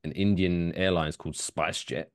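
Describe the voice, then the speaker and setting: A man's voice: deep voice, steady tone, fairly quick, vocal fry, dry recording, studio quality. A man co-hosting a comedy podcast in casual chat, jokey and reading news stories aloud. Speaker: podcast co-host.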